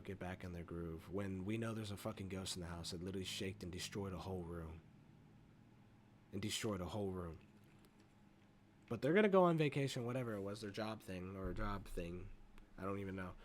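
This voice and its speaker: A man's voice: on the low side, fairly bright tone, a little hiss or hum. A man casually retelling a movie plot in a rambling review, swearing freely and leaning on fillers. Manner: rambling, profane, full of fillers like "you know".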